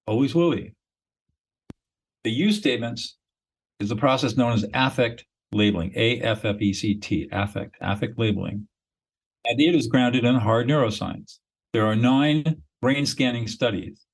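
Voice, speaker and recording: A man with a medium-pitched, slightly rough voice, a mediator appearing as a podcast guest, explains his method in a blunt, emphatic, instructional manner. The recording quality is low.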